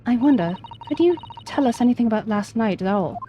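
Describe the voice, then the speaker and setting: A woman's voice: on the high side, lively intonation, a little fast, warm tone, dull audio, a little hiss or hum, natural voice. A woman reads an earnest young law student from a video game in her own natural voice. He questions people hesitantly, with small stumbles.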